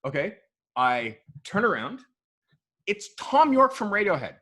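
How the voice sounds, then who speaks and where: Male guest, slightly high-pitched, animated casual storyteller who swears freely. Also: measured pace. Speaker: photographer guest. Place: podcast studio.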